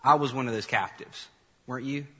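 Bright, husky-voiced man preaching. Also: mid-range voice, a little fast. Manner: animated storytelling, calls on the congregation to repeat lines. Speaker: pastor. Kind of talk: sermon. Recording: long hall reverb.

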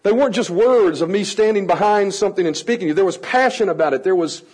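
A man teaching a room of adults how to work with children, energetic and playful, coaxing the audience to join in. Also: sits high, quick pace, husky, low-quality recording. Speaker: children's ministry trainer. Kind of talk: lively teaching talk to an audience.

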